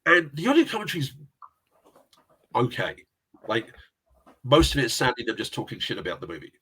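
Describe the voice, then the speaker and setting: Husky rambling man. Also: mid-range voice, wildly swooping pitch, brisk, a bit bright. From England. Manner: rambling anecdotal storyteller, chuckles often. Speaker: interview guest. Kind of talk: casual chat.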